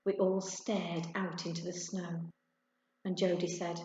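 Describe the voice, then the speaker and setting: A woman reads a children's chapter book aloud in a gentle, expressive storytelling voice. Her voice bounces around a very echoey room. The sound is dull and muffled. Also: lowish voice, unhurried.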